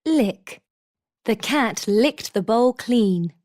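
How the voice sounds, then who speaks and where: Slow, higher-voiced woman reader. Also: animated, darkish tone. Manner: slow, clear, deliberate reading. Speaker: textbook audio reader. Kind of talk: scripted vocabulary reading.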